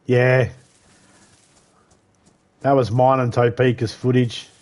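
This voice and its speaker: A man's voice: mid-range voice, level tone, takes it slowly, a little mellow. A man chatting casually on a live game stream, swearing freely, laughing often and rambling. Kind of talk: casual gaming chat. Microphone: headset.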